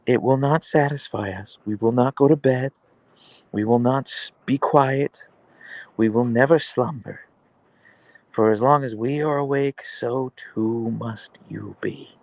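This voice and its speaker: Guy doing two bossy huskies who won't ever sleep, all doom-and-gloom proclamation, kinda raised pitch. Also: unhurried, gravelly, a little mellow, no echo, low-quality recording. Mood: ominous. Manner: grandly ominous, proclamation-like. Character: pair of restless demanding huskies, sleepless.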